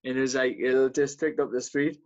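A man's voice: medium pitch, little pitch movement, fast, muffled recording. A man in casual chat, chatty and rambling with restarts.

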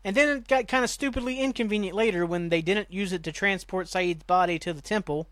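A man's voice: high-pitched, a little fast, a bit bright, dry recording. A man hosting a podcast, casually recapping a TV episode in a rambling, profane, exasperated way. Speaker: podcast host.

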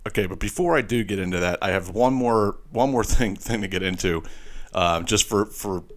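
A man's voice: lowish voice, normal speed. Profane man ranting on his podcast. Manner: profane, animated ranting with laughs and repeated asides. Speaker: podcast host. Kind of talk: solo podcast rant.

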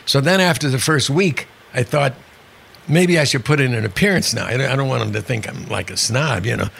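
Gravelly older man spinning wry stories. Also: medium pitch, brisk, a bit bright, slight background noise. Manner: anecdotal, wry, acts out quoted people. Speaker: guest, comedian. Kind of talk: storytelling interview chat.

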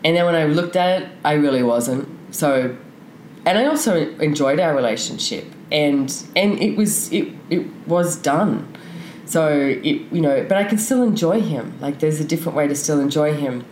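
A woman's voice: low-pitched, lively intonation, normal speed, darkish tone. A woman, a podcast guest talking openly and frankly, rambling with lots of fillers. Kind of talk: candid conversational interview. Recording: echoey room with faint noise.

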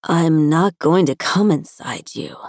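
A woman narrator voicing a soft-spoken young man, a tender stepbrother who talks in a husky murmur. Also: deep voice, takes it slowly, no room sound, studio quality, exaggerated voice. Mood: reassuring.

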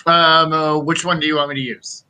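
A blunt, offhand man chatting on a live stream. His voice is fairly high and very bright and sharp. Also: flat delivery, normal speed, smooth. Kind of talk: casual stream chat.

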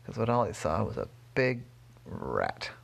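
A father spins a bedtime story in a low, gravelly voice with a husky edge. He wanders and corrects himself as he goes, keeping the tone soft and unhurried. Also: huge pitch swings. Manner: rambling, self-correcting, gentle. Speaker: father telling his daughter a bedtime story.

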